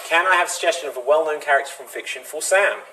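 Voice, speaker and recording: A man hosts an online improv show in a brisk way, laughing often. His voice is high, and the video call carries noise. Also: pushed and bright. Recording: noisy video call audio.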